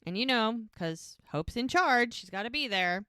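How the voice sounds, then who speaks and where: A woman co-hosting a podcast, casually recapping a TV episode in an animated, chatty retelling. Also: a little high, normal speed, no echo, studio quality. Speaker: podcast co-host.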